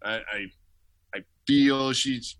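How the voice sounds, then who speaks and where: A man's voice: mid-range voice, slow pace, fairly bright tone. A man co-hosting a podcast, chatting casually and riffing on silly made-up scenarios. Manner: joking, riffs on absurd scenarios. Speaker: podcast co-host. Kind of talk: casual chat.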